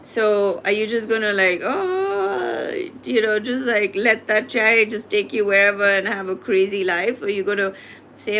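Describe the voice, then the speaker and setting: A woman's voice: mid-range voice, unhurried, fairly bright tone, a little hiss or hum. A woman giving a live tarot reading, talking straight to her viewers with repeated, urging questions. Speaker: tarot reader.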